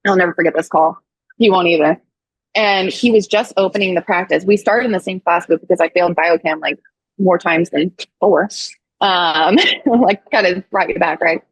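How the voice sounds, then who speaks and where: A woman in her thirties from Missouri, a podcast guest telling a personal story in a casual, animated way, full of "like" and acted-out quotes. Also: on the low side, moderate pace, slightly rough, no room sound, poor audio. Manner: animated, acts out quoted voices, frequent "like".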